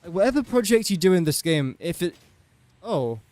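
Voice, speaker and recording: A man's voice: high-pitched, very animated, moderate pace, darkish tone, no room sound. A young man casually commentating his gameplay on a livestream, chatty and joking at his own expense. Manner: chatty, self-mocking, joking asides. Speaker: gaming livestreamer.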